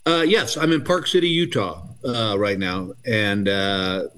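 A man's voice: fairly low pitch, measured pace, a bit bright. A man in his sixties from Texas, a comedian telling self-deprecating stories with plenty of fillers in a casual interview. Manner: chatty, self-deprecating storyteller with many fillers. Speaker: comedian guest.

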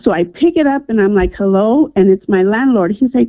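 A woman's voice: medium pitch, brisk, few pauses, no echo. Woman calling in over a tinny phone line. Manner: earnest, animated storyteller, frequent "um" and "I'm like". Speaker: radio caller. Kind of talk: telling a personal story on air. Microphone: telephone.

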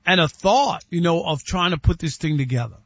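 A man co-hosting a sports radio show, talking in animated, playful banter. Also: fairly high pitch, fairly quick, no room sound, dull audio. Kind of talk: casual sports radio chat.

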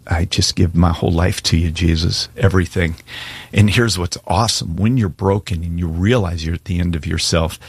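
Deep husky-voiced pastor preaching. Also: male voice, dry recording. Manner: earnest, pleading, varies pace for emphasis. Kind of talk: sermon with altar call.

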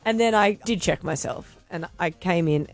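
A woman in her forties co-hosting a breakfast radio show, chatting and telling stories with quick laughs. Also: fairly low pitch, soft background music. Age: 40s. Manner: chatty, laughing, animated storyteller. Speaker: radio co-host. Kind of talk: casual breakfast radio banter.

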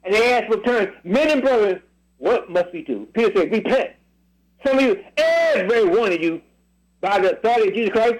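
High, lively-voiced radio preacher man. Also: rough recording. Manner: drawn-out emphatic phrasing, repeated questions. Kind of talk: call-and-response Bible reading sermon. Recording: radio broadcast.

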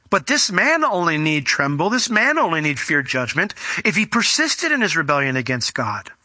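A middle-aged man delivers a sermon with animated energy and slips into the voices he quotes. His voice is very bright and sits a little high. The sound is dry, with no room around it. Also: no echo. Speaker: pastor.

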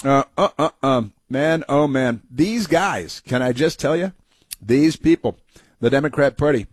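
A man's voice: medium pitch, expressive, measured pace, slightly rough, dry recording. A man hosting a talk show, giving mocking, sarcastic political commentary over played clips. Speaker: radio talk show host.

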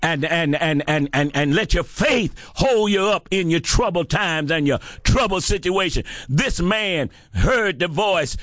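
A man preaches a sermon in a high, swooping voice that climbs into shouts and drops low again. He takes his time, drawing out lines and repeating them for weight. The sound is dry and close. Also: expressive, unhurried, hardly any pauses, no echo. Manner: impassioned, rising to shouts, repeating phrases.

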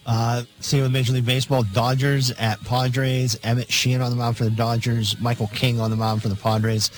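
Man, reads game lines, plain mid voice, halting uh fillers, faint music under. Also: mid-range voice, level tone, low-quality recording. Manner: matter-of-fact, halting fillers. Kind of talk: reading betting lines.

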